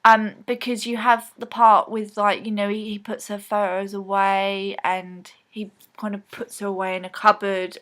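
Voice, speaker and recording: A woman's voice: mid-range voice, animated, normal speed, bright, forceful tone. A woman talking casually to camera in a rambling film recap vlog, full of ums and restarts. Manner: rambling, chatty, lots of ums. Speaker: vlogger.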